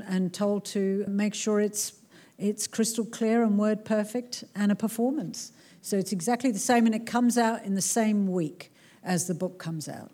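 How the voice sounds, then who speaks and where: This is a woman author at a live talk in a cultural centre hall, fielding questions from the crowd. Her mid-range voice carries a warm tone, and she's animated and joking throughout.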